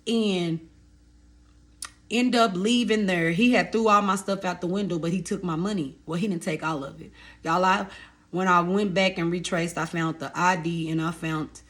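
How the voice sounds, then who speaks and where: Woman in her thirties, storytelling vlog, animated and direct with her viewers. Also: on the low side, moderate pace. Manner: animated, addresses viewers as y'all and baby. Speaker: vlogger telling her life story.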